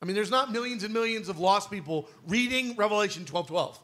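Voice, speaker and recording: A man's voice: high-pitched, fairly quick, bright, forceful tone. A man preaching a sermon in a conversational, emphatic way, firing off rhetorical questions.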